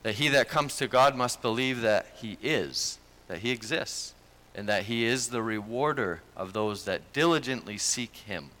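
A man's voice: medium pitch, lively intonation, moderate pace, sharp tone. A man preaching a sermon as pastor, speaking in an earnest, conversational way.

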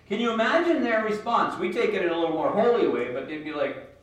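A man's voice: high-pitched, sing-song, fast talker. A man preaching a sermon in a casual, folksy storytelling manner, acting out what people say. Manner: conversational, folksy storytelling with acted-out quotes. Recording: very echoey room, speaker far from the mic.

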